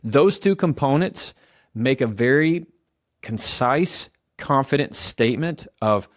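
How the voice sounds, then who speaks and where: A man's voice: mid-range voice, lively intonation, takes it slowly, no room sound, studio quality. A man giving a motivational advice talk, speaking directly and coaching the listener, often repeating example phrases aloud.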